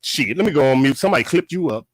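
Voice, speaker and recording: A man chatting casually on a live stream over a call, animated and joking, with loud exclaims. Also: on the high side, rapid-fire, slightly rough, dry recording.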